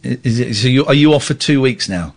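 Male late-night radio host; husky voice, animated delivery, self-mocking banter. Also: medium pitch, a little fast. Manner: joking, self-mocking, rambling with restarts. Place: radio studio. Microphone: studio microphone.

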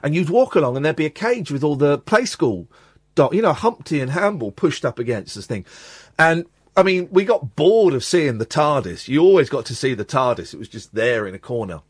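A man in his forties hosts a radio show, telling a rambling story with an animated, swooping delivery. His voice is slightly husky. It is recorded on a dry studio mic. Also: fairly high pitch, a little fast, dry recording. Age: 40s. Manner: animated, rambling, self-interrupting. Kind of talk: casual on-air storytelling. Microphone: studio microphone.

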